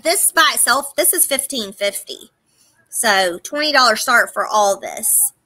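A woman's voice: high voice, bright, forceful tone, no room sound, low-quality recording. Chatty Southern woman selling a live auction lot. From Southern United States. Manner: chatty, laughing, reading out product names.

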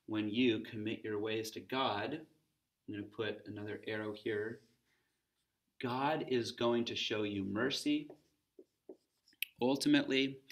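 A man's voice: medium pitch, vocal fry. A man teaching a recorded Bible lesson for students, talking in a conversational way and stopping to pose questions.

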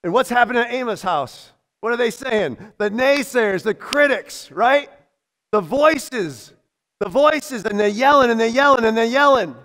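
A middle-aged man preaching a sermon in a church, animated, often laughing and acting out other people's voices. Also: very high voice, a little slow. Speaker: pastor.

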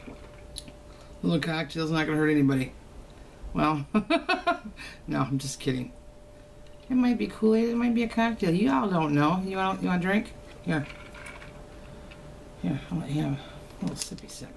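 A woman's voice: deep voice, slight background noise. An older woman, chatting casually to camera at home in a teasing, folksy way. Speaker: haul vlogger. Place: home, indoors.

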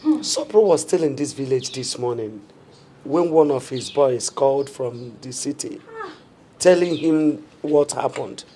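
A woman's voice: extremely low pitch, animated, measured pace, dark tone, a little hiss or hum. An actress with a Nigerian accent playing a middle-aged wife in a film drama who scolds her husband indignantly. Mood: worried. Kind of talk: Nollywood film acting.

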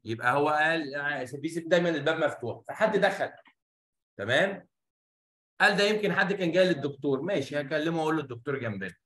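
Brief: Egyptian man, English teacher, switches between Arabic and English, rapid and sharp. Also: a little high, lively intonation. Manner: explains in Arabic, mixing in English words. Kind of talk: classroom lesson explaining a reader.

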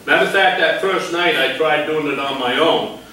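An older man with a bright, sharp voice, reminiscing in a folksy, chatty way. His voice comes from a distance in an echoing hall, with some faint room noise. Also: on the high side, moderate pace. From Maine. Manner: folksy, conversational. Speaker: retired game warden, guest speaker. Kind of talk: reflective storytelling to an audience. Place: library meeting hall. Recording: echoey hall, mic far off.

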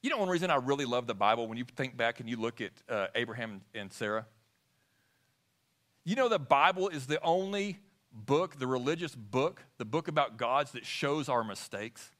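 A man's voice: medium pitch, expressive, moderate pace, a bit bright. A man preaching a sermon in church, asking the congregation questions as he talks. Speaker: pastor. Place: church sanctuary.

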